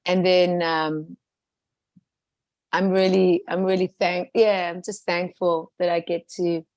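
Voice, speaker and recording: A middle-aged woman chatting casually in a group, animated and laughing, with many restarts. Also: on the low side, slow pace, no room sound. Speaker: group participant. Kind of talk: casual chat.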